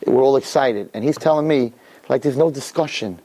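A man who teaches, telling a personal story to a live audience in an animated, expressive way. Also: a little fast, pauses often, dry recording. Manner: animated, expressive storyteller with big pitch swings.

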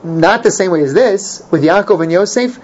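A man's voice: high voice, normal speed. Man teaching an informal Torah class. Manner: animated, repeats points for emphasis. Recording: dull lo-fi recording, faint noise.

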